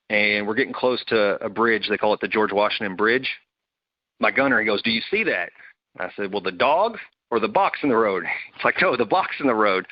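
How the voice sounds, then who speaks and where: Speaking with a voice on the low side, a man who served as a Marine animatedly recounts a casual story, performing his buddies' lines. The close recording is dull and dry, with no echo.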